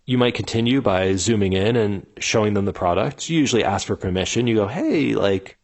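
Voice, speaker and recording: A man's voice: lowish voice, fast talker. A man casually teaching how to run customer conversations, full of conversational fillers, and slipping into the voices of the people he describes. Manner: conversational, many fillers, animated when quoting people. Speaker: instructor explaining customer interviews. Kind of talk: casual spoken lesson, acting out example dialogues.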